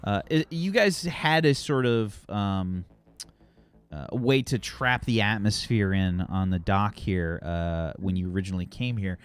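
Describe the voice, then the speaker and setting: A man's voice: fairly low pitch, measured pace, clear, resonant tone. A man narrating a tabletop game as game master in a casual, rambling way.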